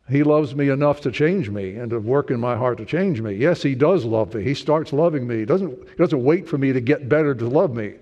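A man's voice: mid-range voice, mellow. A man preaching a sermon in a conversational way, asking rhetorical questions and acting out people's inner thoughts. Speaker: pastor.

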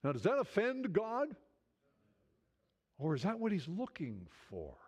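Recorded in dull lo-fi sound, a high-pitched preacher with huge pitch swings, a darkish tone and a breathy edge speaks a little slowly. His conversational sermon is full of restarts and grows into fervent appeals.

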